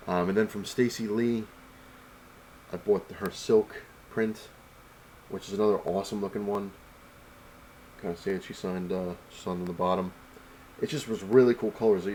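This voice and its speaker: A man's voice: low-pitched, darkish tone, a little hiss or hum, rough recording. A young man telling a rambling, casual story about a comic convention and showing what he bought, full of fillers and quoted back-and-forth. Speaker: comic collector vlogger. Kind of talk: casual convention haul recap.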